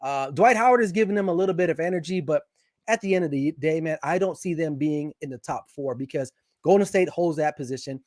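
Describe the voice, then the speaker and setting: Man, high voice, dry close sound, opinionated sports talk, animated, restarts a lot. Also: brisk, dry recording. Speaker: guest sports commentator. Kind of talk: casual sports chat.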